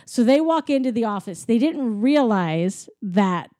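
Chatty high-voiced woman, dry sound. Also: lively intonation, unhurried, warm tone, dry recording. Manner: chatty, fills every sentence with "like". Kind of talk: casual chat recapping a film.

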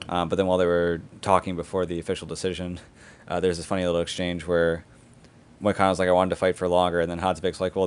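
A man hosting a podcast, giving a casual recap of fight results with lots of "uh" fillers. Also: low voice. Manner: rapid and conversational, with many "uh" fillers. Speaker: podcast host.

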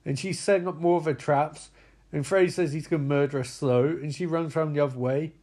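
A man with a high voice tells the plot of a horror film in a loose, casual way. He is excitable and profane, breaking into exclamations as the action builds. The recap feels like chatting with a friend. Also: brisk.

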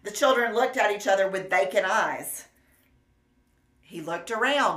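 A woman preacher delivering a sermon in an earnest, measured and gently emphatic way. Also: mid-range voice, lively intonation. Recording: roomy echo.

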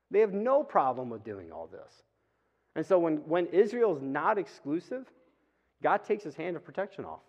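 A man's voice: mid-range voice, a little mellow. Chatty man preaching in a reverberant hall. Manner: chatty, acts out quick asides and voices. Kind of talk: casual conversational sermon. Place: church. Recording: reverberant hall, dull lo-fi sound.

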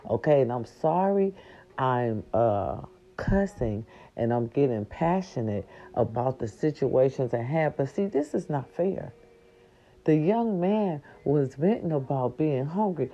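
Furious low-voiced woman ranting, lo-fi audio. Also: lively intonation, unhurried. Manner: angry, profane, swings into high shouted outbursts. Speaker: vlogger. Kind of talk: impassioned commentary rant. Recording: slightly dull lo-fi audio.

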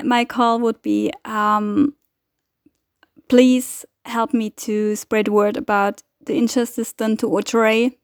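A woman hosting a weekly podcast update, speaking in a hesitant, halting way with many fillers and restarts. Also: fairly high pitch, dry recording, clean studio sound. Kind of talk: casual spoken appeal.

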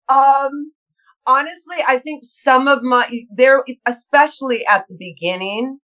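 Middle-aged actress telling animated stories. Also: female voice, sits high, takes it slowly, rough recording. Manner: animated storyteller, acting out her own inner voice, restarts and laughs. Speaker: guest actress. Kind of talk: casual interview chat.

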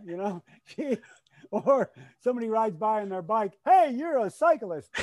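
An older man telling stories in a casual chat, animated and laughing often as he acts out his shouts. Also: fairly high pitch, no room sound, rough recording. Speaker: guest, race announcer. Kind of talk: casual storytelling.

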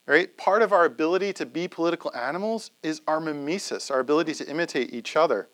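Guy lecturing a class, kinda high voice, keeps saying right?. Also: lively intonation, fast, hardly any pauses, a bit bright. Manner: conversational, asks "right?" often.

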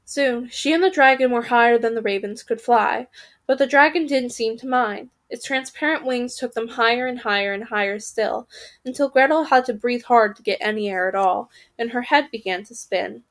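Lively woman reading a storybook aloud. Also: fairly high pitch, normal speed. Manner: lively, occasionally stumbling and correcting herself. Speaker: podcast reader.

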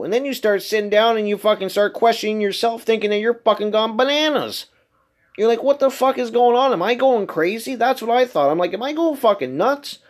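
A man's voice: sits high, a little mellow. A man hosting a casual solo podcast monologue, talking emphatically and incredulously, with heavy swearing. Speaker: podcast host.

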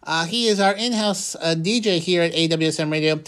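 A man's voice: a little high, fairly quick, a bit bright. Rambling, jokey male radio host. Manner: rambling and jokey, repeats words. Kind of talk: casual news recap.

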